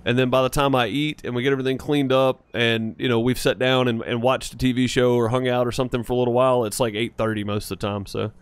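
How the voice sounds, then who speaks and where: A man's voice: mid-range voice, flat delivery, fast talker, hardly any pauses, smooth, no room sound. A man live-streaming a farming game, chatting casually with viewers in a rambling, easygoing way. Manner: laid-back and rambling, with frequent "uh" and "man".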